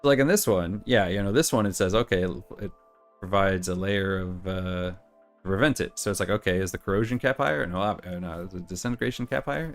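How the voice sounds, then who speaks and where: A middle-aged man hosting a gaming channel, chatting casually and rambling through stories with quoted voices while he plays. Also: low voice. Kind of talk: casual chat while playing.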